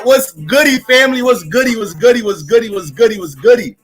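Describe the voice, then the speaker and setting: A man hosting an astrology livestream from his family home, hyped and profane, shouting out viewers in casual chat. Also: extremely high pitch, lively intonation, fairly quick, hardly any pauses, slightly rough, faint music behind, low-quality recording.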